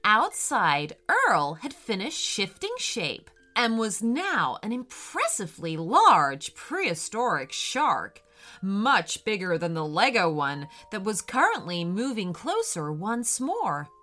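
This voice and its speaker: A woman reading a children's adventure story aloud in a slow, expressive storytelling way. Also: mid-range voice, soft background music.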